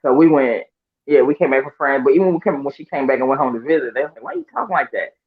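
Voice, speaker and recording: A man chatting casually on a live show, lively and mimicking voices as he tells stories. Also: medium pitch, racing. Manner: animated, mimics voices when quoting people. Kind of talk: casual chat. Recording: muffled lo-fi remote audio.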